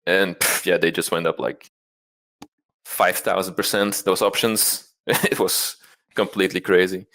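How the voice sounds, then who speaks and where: A man's voice: sits low, steady tone, a little slow, fairly bright tone. A man interviewed about his trading past, talking candidly and self-deprecatingly, rambling with frequent restarts. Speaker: interview guest, trader.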